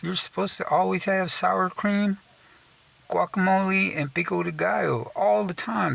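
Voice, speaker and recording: A man's voice: high-pitched, creaky, bright, forceful tone, breathy edge. A young man from Texas telling a casual, profane rant, swearing constantly, saying "dude" a lot and laughing at himself mid-sentence. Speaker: storyteller.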